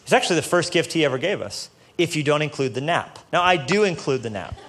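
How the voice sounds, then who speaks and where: A man preaching a casual, joking sermon to a church audience, building up to loud, passionate peaks. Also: a little high, expressive, fast. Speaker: pastor. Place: church stage before a live audience.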